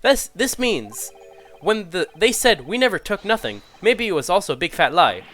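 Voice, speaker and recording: A man's voice: high-pitched, big pitch swings, normal speed, fairly bright tone, a little hiss or hum, pitched above the performer's own voice. A man voicing a blunt, suspicious foreign juror who speaks stiff broken English with dropped articles.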